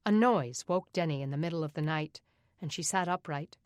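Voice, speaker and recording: Low-voiced woman reading a novel. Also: fairly quick, smooth, dry recording, studio quality. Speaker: audiobook narrator. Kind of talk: scripted narration.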